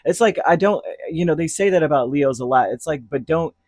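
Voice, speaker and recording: A man's voice: a little high, fairly quick, darkish tone, no echo. A man giving a casual tarot reading, talking in a rambling, chatty way that drifts into heated asides. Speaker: tarot reader.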